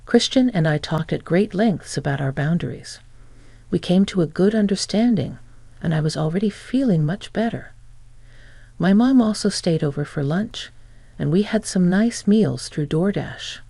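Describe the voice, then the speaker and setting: A woman narrating a first-person family story in an even, matter-of-fact scripted read, close to the mic. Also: lowish voice, vocal fry, dry recording.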